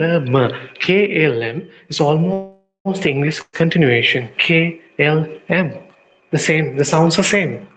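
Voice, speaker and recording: A man teaching a language lesson, speaking deliberately and repeating each sound several times for his students. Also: fairly high pitch, rough recording. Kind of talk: slow classroom-style lesson.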